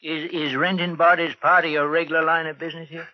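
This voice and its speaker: A man's voice: fairly high pitch, flat delivery, fast talker, dry recording, close to an everyday voice. Folksy country sheriff type, played by a man, dry lo-fi old radio. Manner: folksy, drawling, homespun sayings. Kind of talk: 1940s radio acting. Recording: dry lo-fi 1940s radio broadcast.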